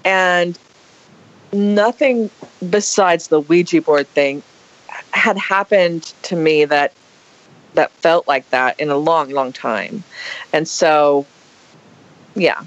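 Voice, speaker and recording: A woman telling a personal story in a casual, animated and dramatic way. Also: low voice, slow, pauses often, muffled recording. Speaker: guest storyteller.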